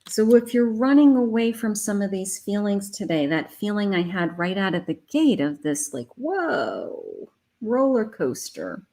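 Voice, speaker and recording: A middle-aged woman gives a live tarot reading, unhurried and deliberate. She sounds emotional and uplifting and repeats her affirmations. Her pitch sits at an ordinary middle height. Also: very animated, warm tone. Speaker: psychic tarot reader. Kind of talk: live spiritual reading to viewers.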